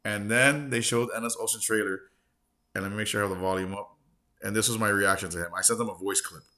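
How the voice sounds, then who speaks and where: A man's voice: on the low side, steady tone, fast, pushed and bright. A man of forty hosting a gaming channel, rambling casually in a loose, profane, slangy way. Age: 40s.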